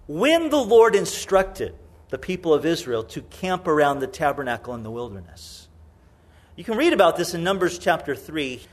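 A man's voice: a little high, big pitch swings, moderate pace. A middle-aged man preaching a sermon, telling the story with humor and acting out the voices. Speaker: pastor.

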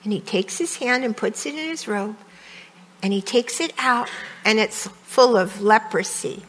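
A woman's voice: a little high, unhurried, fairly bright tone, slight background noise. A woman retelling a Bible story in a homey, conversational way with frequent "um"s. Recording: long reverb, roomy hall sound.

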